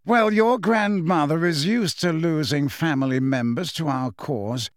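A man voicing a cold, sneering aristocratic wizard with a slow drawl. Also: a little high, clear, resonant tone, no echo, clean studio sound, natural voice.

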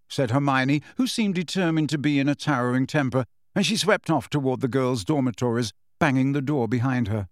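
A man's voice: mid-range voice, fairly quick, hardly any pauses, no room sound. Man narrating an audiobook, dry close mic. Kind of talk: scripted storybook narration.

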